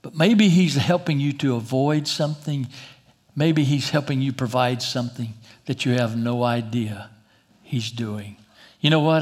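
A middle-aged man preaching a sermon as pastor, rising loud and high then dropping soft and slow for emphasis.

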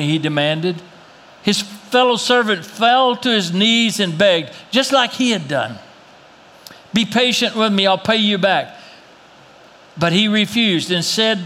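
A man preaching a sermon as pastor, reading scripture aloud and dropping low and slow to press his points, with an occasional cough. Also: fairly bright tone. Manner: reads scripture then drops low and slow for emphasis; coughs now and then.

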